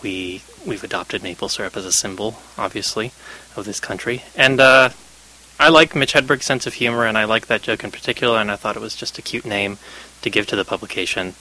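A man's voice: on the low side, fairly quick, sharp tone, rough recording. A young man being interviewed on the radio, explaining his ideas thoughtfully with occasional fillers. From Canada. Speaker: guest, magazine editor.

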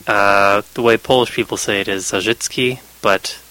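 A man's voice: fairly low pitch, fairly even intonation, normal speed, sharp tone, clear, resonant tone, rough recording. A young man being interviewed on the radio, explaining his ideas thoughtfully with occasional fillers. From Canada. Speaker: guest, magazine editor.

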